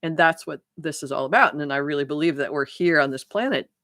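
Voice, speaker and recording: A woman's voice: sits low, fast, a bit bright, no echo, clean studio sound. A middle-aged woman life coach giving an unscripted live talk to viewers, earnest and reflective, often restarting her sentences.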